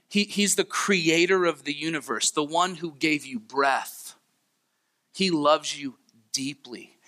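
Bright-voiced male pastor preaching. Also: a little high. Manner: earnest, pleading, repeats phrases. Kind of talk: sermon.

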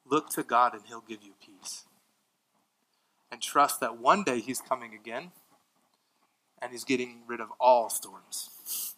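A male pastor preaching a sermon, swinging from emphatic lines to hushed ones, with casual asides and light laughs. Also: mid-range voice, measured pace, pauses often, low-quality recording.

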